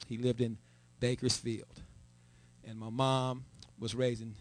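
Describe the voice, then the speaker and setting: A man's voice: mid-range voice, flat delivery, slow. A middle-aged man, a church elder, giving a testimony in a church, who repeats words and builds to a raised, emphatic voice. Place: church sanctuary. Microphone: live stream.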